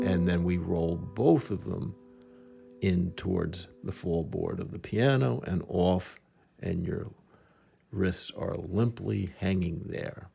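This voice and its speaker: A man's voice: low voice, fairly even intonation, slow, gravelly. A man teaching a piano lesson step by step, patiently counting beats aloud as he demonstrates, with piano notes behind him.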